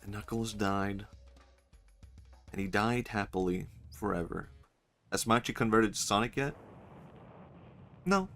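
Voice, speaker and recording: A man's voice: lowish voice, measured pace, long pauses, fairly bright tone, soft background music. A male streamer giving casual, joking commentary while playing a game, laughing often and swearing freely.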